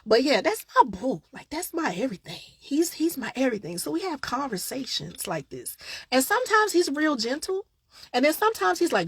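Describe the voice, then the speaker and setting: Gravelly, husky woman hosting live talk. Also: high-pitched, very animated, normal speed, fairly bright tone, dry recording. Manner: chatty and candid, talks straight to viewers. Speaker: host of a live online show. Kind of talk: casual live-stream talk to viewers.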